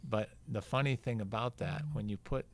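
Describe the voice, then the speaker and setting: A man's voice: on the low side, normal speed. An older man, a veteran marathon runner, telling a long story casually as a podcast guest and acting out what people said. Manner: rambling, acts out quoted dialogue.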